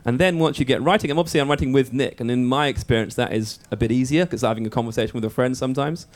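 Fast-talking man explaining his craft. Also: mid-range voice. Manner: quick, chatty, explanatory. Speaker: screenwriter and director guest. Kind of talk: casual panel Q&A. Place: event hall with live audience.

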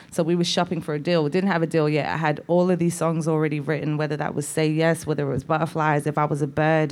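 A woman with a Liverpool accent, a songwriter guest telling lively stories in a casual interview. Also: deep voice. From England. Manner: animated storyteller, acts out quoted voices and laughs.

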